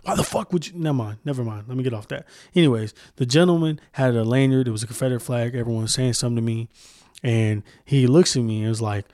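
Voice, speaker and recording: A young man ranting alone on his podcast, swearing freely and circling back on his own sentences. His voice sits at an ordinary middle pitch, recorded dry and close with no room sound. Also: fast, a little mellow, no echo. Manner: profane, heated, rambling with restarts. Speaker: podcast host. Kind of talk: casual solo podcast rant.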